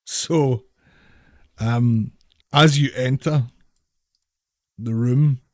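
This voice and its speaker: A man's voice: medium pitch, fairly even intonation, drawn-out words, dry recording, studio quality. A man running a tabletop game as dungeon master, narrating with frequent restarts and repeated words.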